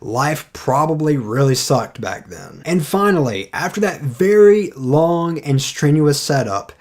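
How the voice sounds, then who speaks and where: A man's voice: fairly high pitch, animated, a little slow, a little mellow. A man giving a casual spoken film review, blunt and opinionated.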